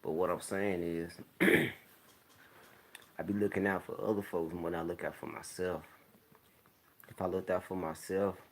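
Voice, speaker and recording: A man talking candidly in a laid-back, rambling monologue, clearing his throat often. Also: low voice. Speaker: vlogger. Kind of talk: casual monologue to camera. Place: home, smoking while talking.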